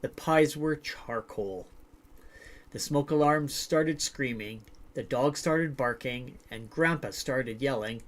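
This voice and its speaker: A man's voice: mid-range voice, slow pace. A man hosting a livestream, reading short stories aloud and then chatting loosely with filler words. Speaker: livestream host. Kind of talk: casual livestream storytelling.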